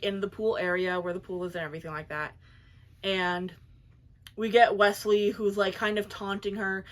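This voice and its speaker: A young adult woman casually recapping a book's plot in a chatty, animated way full of fillers. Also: mid-range voice. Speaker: book reviewer.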